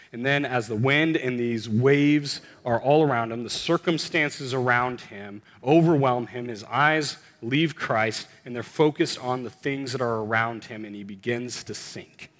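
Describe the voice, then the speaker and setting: A man preaching in a conversational, earnest way that builds to emphatic bursts. His mid-pitched voice carries a long hall reverb. He sounds like a pastor addressing his congregation. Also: measured pace, few pauses, fairly bright tone. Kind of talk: sermon.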